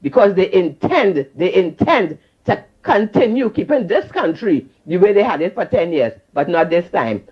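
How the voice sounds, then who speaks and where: A Trinidadian man calls in to a talk radio show and rants in a fiery, preachy way, repeating his points. His voice sits high and swings widely. The phone line sounds a little muffled. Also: big pitch swings, moderate pace, hardly any pauses, slightly rough. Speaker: caller. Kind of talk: call-in radio rant.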